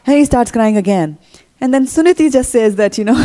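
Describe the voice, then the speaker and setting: A woman giving a storytelling sermon, retelling a scripture tale with quoted dialogue, casual fillers and pauses. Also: on the high side, expressive, warm tone, in a large hall. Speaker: speaker giving a temple talk.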